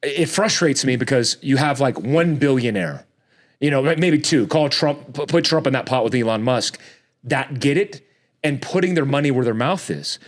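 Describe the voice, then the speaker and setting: A man talking as a podcast guest in casual chat, ranting heatedly, often restarting his words and jumping up in pitch when exasperated. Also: moderate pace. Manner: frequent restarts and repeated words.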